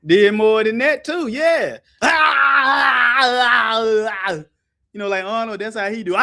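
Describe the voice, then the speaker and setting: A man preaches in a high voice that swings all over. He is loud and colloquial, laughing and breaking into shouts. His pitch leaps from line to line. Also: animated, a little fast, hardly any pauses. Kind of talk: animated sermon with scripture call-and-response.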